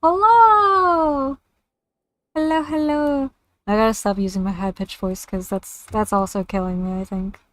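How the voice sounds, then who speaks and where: A young woman chats casually while gaming on a livestream, brisk and with hardly any pauses. Her mid-range voice has a flat delivery, and she comes across as chatty and self-deprecating.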